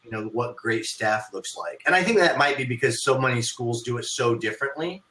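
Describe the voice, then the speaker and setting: A man hosts a casual podcast, thinking out loud about running his martial arts schools. His voice is bright and forward, and he often restarts sentences as his thoughts catch up. The recording has a roomy echo around him. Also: medium pitch, a little fast. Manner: thoughtful, rambling, with many restarts.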